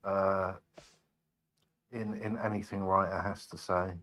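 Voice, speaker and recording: A man speaking as a guest on a live stream in a halting, stammering, measured way. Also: sits low, little pitch movement, fairly bright tone. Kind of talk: casual call-in chat.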